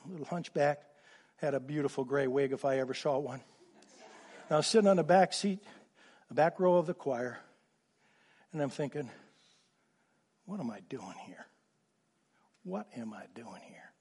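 A middle-aged male pastor preaching with a fairly high, husky voice. He moves between emphatic declarations and sudden soft, low asides. The delivery is animated and conversational from the pulpit. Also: brisk, pauses often. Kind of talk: sermon.

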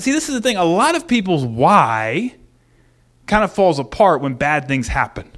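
Male preacher, higher-pitched voice, animated sermon delivery swinging from loud to hushed. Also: normal speed. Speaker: pastor.

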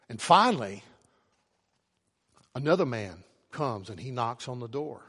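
Emphatic preacher in an echoing hall. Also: male voice, medium pitch, very animated, a little slow, long pauses, slightly rough. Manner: emphatic preacher, rising to loud urgent questions. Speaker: pastor. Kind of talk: sermon. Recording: long hall reverb.

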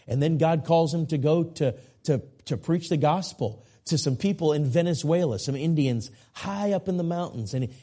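Impassioned middle-aged evangelist preacher. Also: male voice, a little high, warm tone. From United States. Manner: impassioned, repetitive, frequent restarts. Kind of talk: sermon.

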